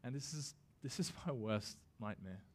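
Man, pastor, sermon, casual and conversational, middle pitch, dramatic slow emphasis on quotes. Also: expressive, a little mellow. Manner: casual and conversational, with self-deprecating asides.

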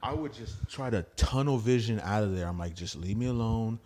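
A man who does stand-up comedy, telling stories as a podcast guest in a loose, profane, slangy way, acting out what others said in lively quoted voices. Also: fairly low pitch, brisk. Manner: profane and slangy, peppered with "bro" and "dude". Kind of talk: casual storytelling.

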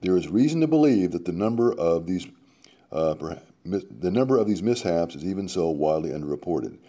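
A radio host reads a column aloud and comments on it as he goes, tossing in sarcastic asides between quotes while swinging dramatically from emphatic to muttered. His voice is low and dark in tone, animated and a little fast.

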